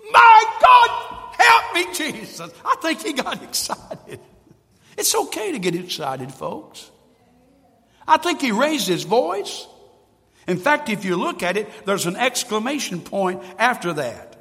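A male pastor preaching a sermon in a church, swinging from loud emphatic lines to hushed ones. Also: sits high, sing-song, unhurried, big-room sound. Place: church sanctuary.

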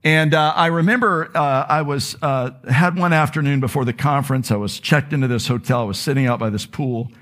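A male pastor preaching to a room full of people at a middle pitch. He tells a personal story in an earnest, confessional way. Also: brisk, hardly any pauses, a bit bright. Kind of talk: sermon.

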